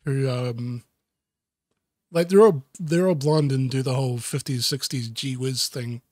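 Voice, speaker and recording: A man reading a children's book aloud with deadpan, self-mocking asides. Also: mid-range voice, measured pace, dry recording, studio quality. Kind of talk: sarcastic comedic book reading.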